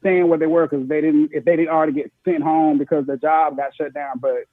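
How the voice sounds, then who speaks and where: A man's voice: a little high, steady tone, fairly quick, no echo. Male caller, frustrated ranting, tinny phone line, dry sound. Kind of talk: call-in commentary.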